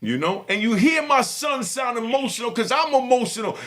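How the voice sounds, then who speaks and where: A middle-aged man talking to his viewers with fervent, preaching passion and bursts of shouting. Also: extremely high pitch, animated, normal speed, few pauses. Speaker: host. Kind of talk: impassioned talk to viewers.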